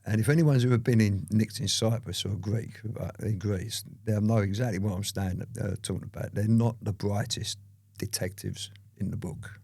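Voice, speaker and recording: Man, raspy storyteller, keeps saying "you know what I mean", dry recording. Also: fairly low pitch, steady tone, moderate pace, a little mellow, dry recording. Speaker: father telling his life story to his daughter. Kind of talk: casual storytelling interview.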